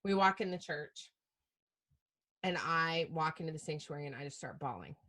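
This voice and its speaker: A middle-aged woman from Utah, a preacher and podcast guest, telling candid, self-mocking stories in an animated way with frequent laughter. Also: low-pitched, moderate pace. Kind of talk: candid storytelling chat.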